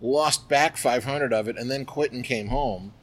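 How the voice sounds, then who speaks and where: A middle-aged man, a poker player, telling stories in a casual interview with a lively, chatty manner full of fillers. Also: mid-range voice, unhurried. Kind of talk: interview storytelling.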